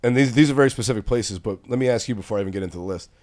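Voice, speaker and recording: A man's voice: mid-range voice, racing, a little mellow. A middle-aged man hosting a podcast, chatting in a blunt, profane, joking way. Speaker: podcast host. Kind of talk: casual comedic chat.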